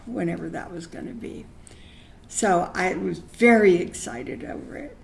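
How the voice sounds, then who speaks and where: A woman's voice: fairly low pitch, measured pace, creaky. An older woman telling a personal story in a chatty, affectionate way. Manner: chatty, affectionate, laughs often. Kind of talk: memoir storytelling.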